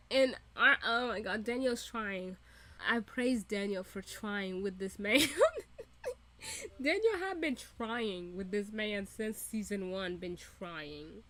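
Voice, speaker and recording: A young woman rants through a casual reaction commentary, swearing freely and laughing often. Her voice sits a little high and sounds bright and forceful. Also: measured pace. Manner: animated, profane, laughing often. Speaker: reaction video host.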